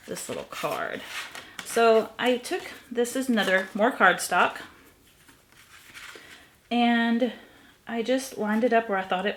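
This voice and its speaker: A woman's voice: mid-range voice, creaky, slight background noise. A middle-aged woman chatting casually as she walks through a craft tutorial, a little sniffly from allergies. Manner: chatty, relaxed, thinking aloud. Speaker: craft vlogger.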